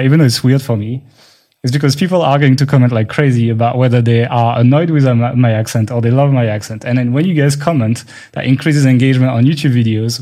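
A man's voice: medium pitch, darkish tone. A man with a French accent, whose first language is French, co-hosting a podcast and explaining things in casual chat, thinking aloud with restarts. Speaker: podcast co-host.

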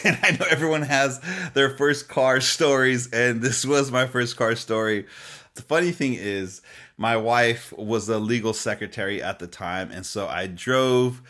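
Animated male pastor telling stories. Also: medium pitch. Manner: animated storytelling, laughs often, asks "okay?". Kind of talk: sermon with personal stories.

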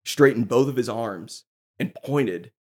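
A man hosting a podcast, excitedly telling a story in casual chat and swearing freely. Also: mid-range voice, takes it slowly. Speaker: podcast host.

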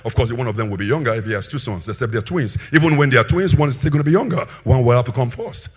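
Husky, emphatic male preacher. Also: rapid-fire. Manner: emphatic, swinging between loud bursts and low asides. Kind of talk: sermon.

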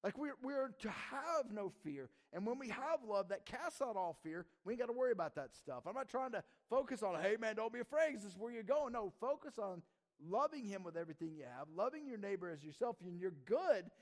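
A man pastor giving a sermon, conversational and animated, acting out frightened voices as he preaches. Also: sits high, a little fast.

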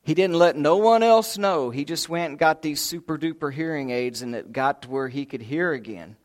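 Folksy preacher telling stories. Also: male voice, on the high side, moderate pace. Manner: folksy storyteller, acts out voices, chuckles. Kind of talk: sermon with humorous stories. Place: church sanctuary.

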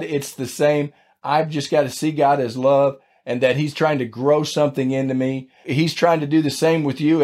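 A man's voice: mid-range voice, a little mellow. A man hosting a devotional podcast, teaching scripture in a folksy, conversational way and closing in prayer. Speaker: podcast host and Bible teacher.

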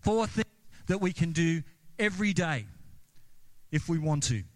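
Aussie pastor guy preaching, kinda high voice, chatty, asks the crowd stuff, big reverby church. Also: expressive, unhurried, a little mellow. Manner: conversational, asks the congregation questions. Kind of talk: sermon. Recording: long reverb of a large hall.

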